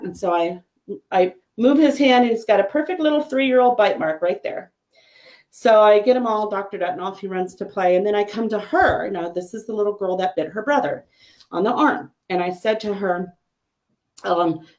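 A middle-aged woman, a psychic medium, chatting casually and telling a story in an animated, lively way. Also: normal speed. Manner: chatty storyteller, animated with pitch jumps on quoted lines. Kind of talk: casual chat.

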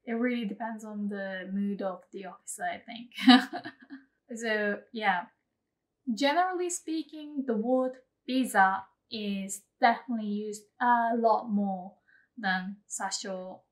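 A woman teaching a casual spoken lesson. She chats with fillers and laughs, and says example phrases slowly and clearly before repeating them. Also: medium pitch. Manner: chatty, laughs, many fillers like "um" and "you know". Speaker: language teacher.

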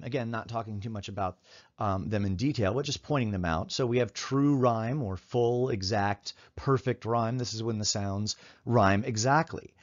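A man giving a lecture as a literature professor. He talks in a thoughtful, halting way, with many fillers and restarts, and reads lines of verse aloud in a measured way. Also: medium pitch, fairly bright tone, dull audio.

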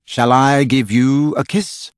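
A man's voice: medium pitch, fairly even intonation, slow pace, clear, resonant tone, no room sound, studio quality, pitched above the performer's own voice, close to an everyday voice. Peter Pan, a cocky crowing boy, read by a man. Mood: cocky, boyish. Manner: boastful, crowing. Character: cocky, boastful boy who never grows up. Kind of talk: audiobook character voice.

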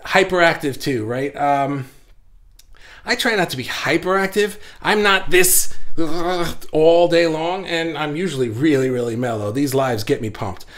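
Man, livestream host, fast and eager chatter, slightly higher voice, a bit breathless, rambling with fillers. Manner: fast, excited, rambling talk with many fillers and restarts. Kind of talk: casual livestream chat.

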